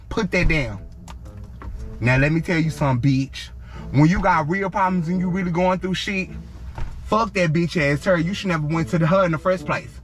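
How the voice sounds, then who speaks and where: A young man in a car, scolding a friend loudly with profanity and dramatic threats. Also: fairly high pitch, moderate pace. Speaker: prank video co-star. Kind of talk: loud scolding banter. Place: inside a car.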